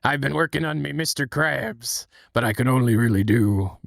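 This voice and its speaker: A man co-hosting a casual livestream chat who tells stories in an animated, playful way. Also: medium pitch, moderate pace, creaky. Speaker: co-host.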